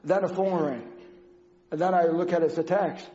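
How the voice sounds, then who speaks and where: High-voiced man giving a halting testimony. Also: steady tone, warm tone. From Canada. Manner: earnest, halting, non-native phrasing with restarts. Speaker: church speaker. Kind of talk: personal testimony sermon. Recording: dull lo-fi sound.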